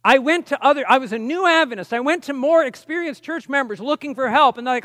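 A man's voice: extremely high pitch, fast, sharp tone, no echo, in a large hall. A man preaching a teaching sermon, talking conversationally with asides and reading quotations with emphasis. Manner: conversational, explains with asides and reads quotes emphatically.

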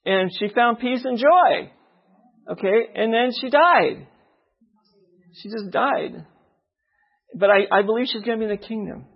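A man's voice: high voice, unhurried, gravelly, long pauses, husky, lo-fi sound. A man giving a personal testimony in a sermon, telling his story and often checking in with the listeners by asking "okay?". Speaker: lay preacher giving testimony.

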